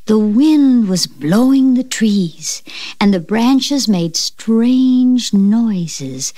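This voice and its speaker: A woman reading a children's storybook record aloud, slow and expressive, dropping to a whisper for the spooky parts. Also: fairly high pitch, no room sound, studio quality. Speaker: story reader.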